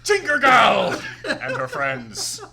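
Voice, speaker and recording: A man voicing a huge fat tavern man who announces a shanty battle in a loud, drawn-out way. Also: high-pitched, huge pitch swings, vocal fry, voice pushed up, heavily acted. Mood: booming.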